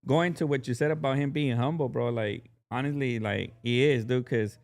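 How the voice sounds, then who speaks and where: A man's voice: mid-range voice, moderate pace. Laid-back male podcast host. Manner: laid-back, filler-heavy slang, frequent "bro" and "dude". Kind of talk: casual interview chat.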